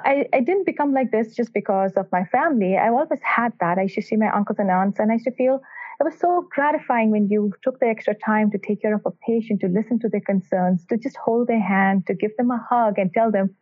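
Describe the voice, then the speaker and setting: A woman cardiologist answering podcast interview questions in an earnest, emphatic way, telling stories about her patients. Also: on the high side. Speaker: cardiac electrophysiologist guest. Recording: tinny phone-line sound.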